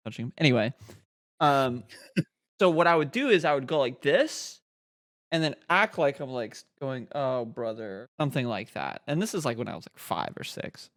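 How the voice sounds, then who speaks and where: A young man co-hosting a podcast, telling a story in animated casual chat and swearing often. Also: medium pitch, normal speed, no room sound, clean studio sound. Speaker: podcast co-host.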